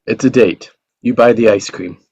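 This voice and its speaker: An actor at a table read, playing a friendly, steady police officer in a calm, easygoing way. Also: male voice, fairly low pitch, normal speed, husky, lo-fi sound. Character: friendly, steady male cop on the radio.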